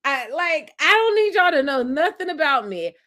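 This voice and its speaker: A young adult woman with a high voice hosts a casual live-stream chat as a podcast host, reading live comments at a moderate pace. She's animated and affirming, cheering on and hyping up each commenter she reads.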